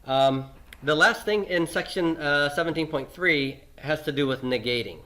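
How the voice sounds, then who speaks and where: A male teacher giving a recorded class lecture, patient and repetitive, often checking in with "okay?" and slowing down on key terms. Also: fairly high pitch, sharp tone. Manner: lots of fillers and restarts, slowing on key terms.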